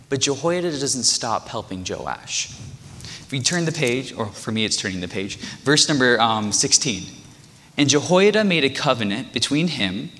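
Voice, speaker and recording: A man preaching a sermon, animated as he retells a story and acts out the quotes. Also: medium pitch, long reverb tail.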